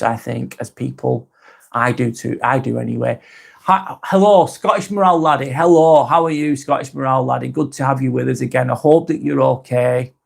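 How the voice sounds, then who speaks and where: A man hosting a casual live stream, talking softly and unhurriedly, apologising often and reading out viewer comments. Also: medium pitch, vocal fry. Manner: soft, unhurried, apologetic, with frequent ums and restarts.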